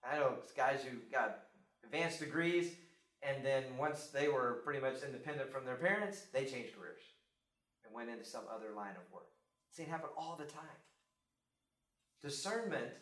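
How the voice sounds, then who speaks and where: A middle-aged man giving a sermon, telling stories lively and then turning quiet and reflective. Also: medium pitch, normal speed. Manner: animated storytelling, acting out scripture dialogue. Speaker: speaker on faith and parenting. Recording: roomy echo, mic at a distance.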